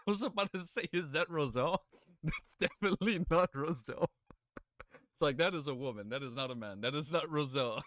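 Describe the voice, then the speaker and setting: A young man live-streaming his reaction, excitable, swearing and laughing often, teary-eyed. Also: on the high side, brisk, no room sound, studio quality. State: tearful.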